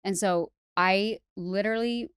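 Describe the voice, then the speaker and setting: A woman's voice: medium pitch, unhurried, clean tone, no room sound, clean studio sound. A woman guest on a podcast, telling her personal story candidly in a chatty way, with lots of "like" fillers and restarts. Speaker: podcast guest, hairstylist educator.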